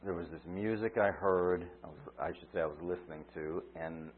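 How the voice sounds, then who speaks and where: Husky-voiced preacher on a tinny line. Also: male voice, low voice, fairly quick. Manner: dramatic storytelling, shifts from loud cries to quiet asides. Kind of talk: sermon.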